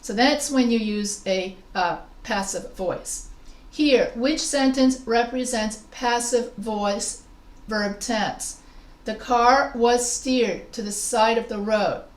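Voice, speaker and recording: Teaching grammar online, this woman writing instructor has a slightly high voice with noticeable reverb. Her style is slow and example-driven, and she calls on students as she goes.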